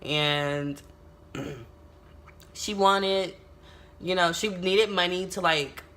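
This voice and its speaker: A young adult American YouTuber tells a storytime vlog in a casual, animated manner, swearing often and exclaiming a lot. Her voice is on the low side and she speaks very slowly.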